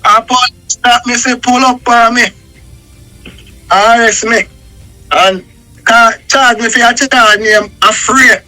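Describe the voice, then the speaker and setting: A Jamaican man tells his story in thick patois, rambling and emphatic. His voice sits very high and sharp, and faint music plays behind it. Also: fairly even intonation, slow pace, pauses often, low-quality recording. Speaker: guest telling his story. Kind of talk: casual storytelling in conversation.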